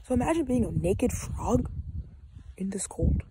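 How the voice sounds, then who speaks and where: A woman's voice: on the high side, lively intonation, unhurried, background noise. A woman chatting casually to camera as a vlogger, goofy and chatty, often dropping into a whisper. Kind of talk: casual vlog chat. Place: outdoors by a pond.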